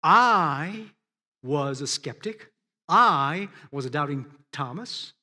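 A man's voice: a little high, expressive, takes it slowly, bright, forceful tone. A man preaching a sermon, addressing his listeners as friends and driving points home with emphatic rises and drops.

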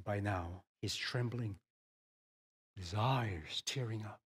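A middle-aged male pastor preaching a sermon, moving from hushed storytelling to rising, emphatic questions. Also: on the low side, takes it slowly, husky.

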